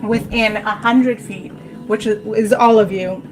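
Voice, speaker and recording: A woman running a streamed tabletop game as game master, chatty, jokey and quick to poke fun at herself. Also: mid-range voice, steady tone. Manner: chatty, jokey and self-mocking. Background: faint dramatic music.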